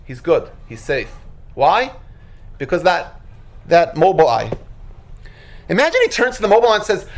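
Animated religious lecturer with sound effects. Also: medium pitch, brisk. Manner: rhetorical questions. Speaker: religious teacher. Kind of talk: Torah lecture.

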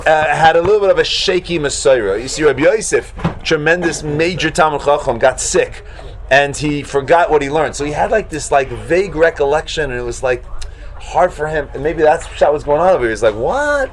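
A man teaching a Talmud class to students, animated, acting out shocked exclamations and talking casually with many fillers. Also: fairly high pitch, a little fast.

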